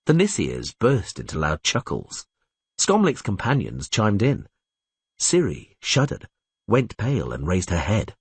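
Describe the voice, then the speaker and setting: A man reading an audiobook in expressive narration. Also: lowish voice, a little slow, slightly rough, no echo. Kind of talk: scripted narration.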